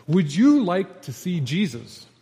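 A man's voice: high voice, big pitch swings, measured pace, dark tone, exaggerated voice. A man voicing an earnest revival minister baptizing people in a creek, with an insistent, preachy delivery. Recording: echoey hall reverb.

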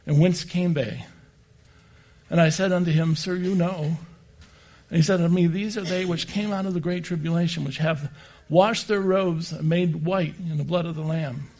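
A man's voice: on the high side, fairly even intonation, moderate pace, a little mellow. A man preaching a sermon and reading scripture passages aloud.

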